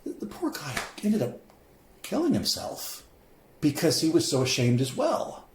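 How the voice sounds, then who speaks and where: A man's voice: on the high side, wildly swooping pitch, unhurried, a little mellow, slight background noise. A middle-aged man from St. Louis, a professor and podcast guest, telling a candid personal story with emotion and acting out quoted voices. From St. Louis, USA. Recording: roomy echoey podcast room.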